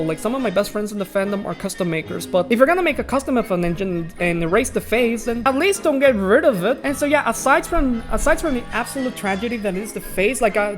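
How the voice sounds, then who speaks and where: A man casually reviewing toys from his collection, rambling with many fillers and bursting into profane rants. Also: high-pitched. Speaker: toy collector vlogger.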